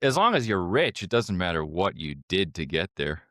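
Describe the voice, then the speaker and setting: Low-voiced man with dry one-liners. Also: big pitch swings, normal speed, fairly bright tone, no echo. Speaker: comedian podcast co-host. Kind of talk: casual comedic banter.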